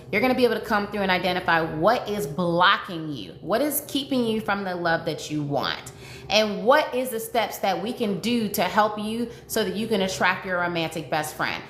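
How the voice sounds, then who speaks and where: A woman's voice: medium pitch, a bit bright. A woman dating coach talking live with her viewers, emotional and repeating herself as she pleads and reassures. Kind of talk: livestream chat with viewers. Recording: echoey room with faint noise.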